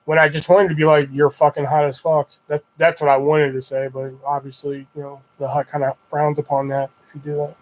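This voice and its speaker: A young adult man swapping stories on a casual livestream, his voice sitting a little higher than most men's. He rambles along in a loose, laid-back way and swears freely as he goes. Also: little pitch movement, fairly quick, hardly any pauses. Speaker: streamer.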